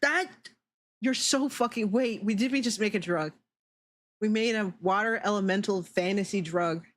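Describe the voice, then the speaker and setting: A woman's voice: mid-range voice, normal speed. A young adult woman streamer chatting casually, giggling a lot and swearing as she reacts to chat.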